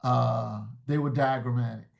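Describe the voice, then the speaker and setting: A man's voice: mid-range voice, steady tone, unhurried, vocal fry, dull audio. A man talking as an interview guest in a reflective, searching way, often restarting words mid-thought. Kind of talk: casual interview talk.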